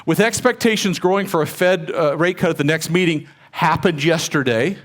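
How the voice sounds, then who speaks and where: A man's voice: on the high side, normal speed. A middle-aged man speaking to a room of real estate agents, telling personal stories in a conversational, motivational way and asking the audience questions.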